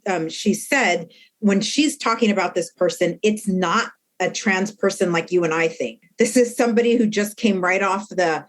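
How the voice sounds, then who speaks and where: A woman speaking in a conversational interview as a re-entry activist, blunt and animated, acting out what others said. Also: medium pitch, normal speed. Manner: blunt, animated storyteller who acts out quotes. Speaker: guest, formerly incarcerated re-entry activist.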